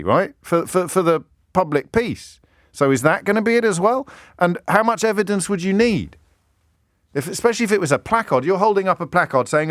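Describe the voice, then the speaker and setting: Animated radio host, dry studio. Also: male voice, fairly high pitch, no echo. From England. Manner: animated, self-interrupting, mimics heckling voices. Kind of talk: radio phone-in monologue. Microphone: studio microphone.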